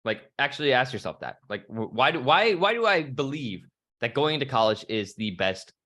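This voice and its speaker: A man's voice: medium pitch, big pitch swings, normal speed, a bit bright. Intense, swearing young man. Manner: intense, profane, casual bro slang. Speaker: motivational speaker. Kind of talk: motivational talk on a video call.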